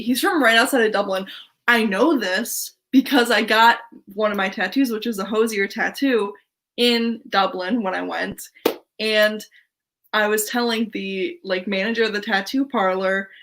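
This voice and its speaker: A woman's voice: medium pitch, a little slow, a bit bright. A young woman in casual chat, telling an anecdote and laughing as she goes. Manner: storytelling, quotes others in put-on voices, laughs.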